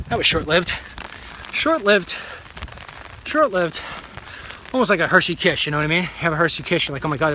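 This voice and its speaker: A man's voice: fairly high pitch, noisy background. A middle-aged man hosting a live political talk stream while walking outdoors in the rain, talking bluntly in rambling, jokey asides into a phone.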